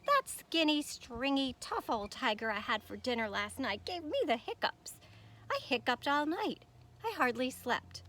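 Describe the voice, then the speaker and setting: A woman's voice: high-pitched, very animated, unhurried, sharp tone, pitched above the performer's own voice, heavily acted. A woman reading a children's story aloud, voicing a tiny, boastful male frog who is a cheeky trickster. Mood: bragging.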